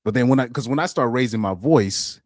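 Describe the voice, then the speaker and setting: A man with a deep voice hosting a casual livestream, reading chat and talking in a loose, rambling way with repeated words and frequent laughs. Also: brisk, a little mellow, dry recording, studio quality. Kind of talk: casual live-stream commentary.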